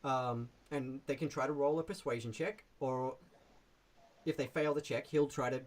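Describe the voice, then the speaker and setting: A man casually presenting his tabletop adventure on a live stream in a relaxed, rambling way. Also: mid-range voice, moderate pace.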